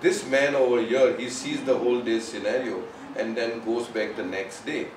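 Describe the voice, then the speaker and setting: A man's voice: mid-range voice, fairly even intonation, moderate pace, a little hiss or hum. Man telling a parable from across a room. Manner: conversational, peppered with "you know". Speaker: storyteller at a spiritual gathering. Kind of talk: informal spoken parable. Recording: roomy, mic at a distance, faint ambience.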